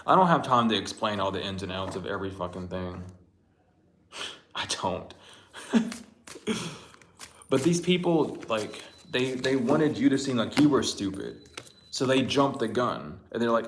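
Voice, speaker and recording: A man at a middle pitch delivers a rambling tarot reading, blunt and full of swearing. His voice rings around a roomy, echoey space. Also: expressive, normal speed, pauses often, slight background noise. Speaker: tarot reader. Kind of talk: casual spiritual reading rant. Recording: roomy echo.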